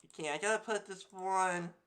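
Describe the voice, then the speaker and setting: A streamer talks over videos in loose, rambling commentary, full of fillers and little laughs. The tone is bright and sharp at a middling pitch. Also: normal speed. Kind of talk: casual reaction commentary.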